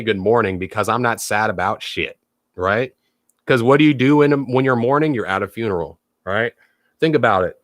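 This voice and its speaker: A man talking casually to viewers as a spiritual teacher, loose and animated, swearing freely and repeating words for emphasis. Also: fairly low pitch, dry recording, clean studio sound.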